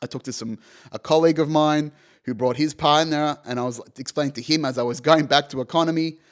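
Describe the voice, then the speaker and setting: A man's voice: on the high side, brisk. A young man hosting a podcast, telling a personal story casually and animatedly, swearing freely and saying "you know" and "right" often. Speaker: podcast host.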